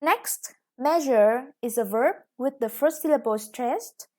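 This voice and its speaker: A woman with a Vietnamese accent teaching an online English lesson, explaining step by step with frequent "yeah" and "okay". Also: a little high.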